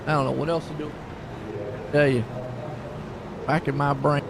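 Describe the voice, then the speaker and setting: A man's voice: a little high, level tone, normal speed, gravelly, heavy background noise. A man doing laid-back play-by-play commentary for an online sim race, chatty and chuckling between calls.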